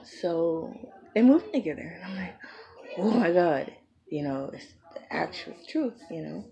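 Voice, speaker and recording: A woman's voice: lowish voice, sing-song, normal speed, vocal fry, mellow, husky. A young woman telling a personal story in a frank, profane, casual way, full of trailing fillers. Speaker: vlogger. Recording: noisy background hiss.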